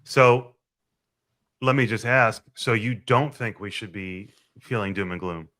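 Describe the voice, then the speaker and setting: A male interview host who thinks out loud while he asks, circling before reaching his question. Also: on the low side, unhurried. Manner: hesitant, thinking aloud in questions. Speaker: show host. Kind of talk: conversational interview.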